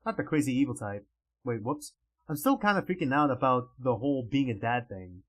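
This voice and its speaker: A man voicing a calm young male mage who talks in a low-key, reassuring way. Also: a little fast. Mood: wry.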